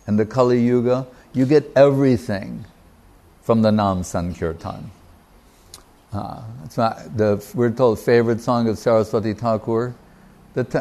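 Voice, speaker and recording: A man's voice: fairly low pitch, a little mellow. Reflective man giving a devotional talk. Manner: reflective, unhurried, with pauses and fillers; quotes Sanskrit verses. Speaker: spiritual teacher.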